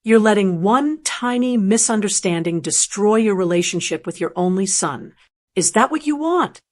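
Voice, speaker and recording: A woman's voice: mid-range voice, expressive, normal speed, natural voice. Woman reading a cold, silky, manipulative daughter-in-law. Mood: coldly soothing.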